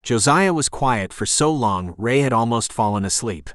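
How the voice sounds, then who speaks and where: A man narrating an audiobook in a calm, even reading voice. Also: medium pitch, moderate pace, no echo, studio quality. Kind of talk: scripted narration.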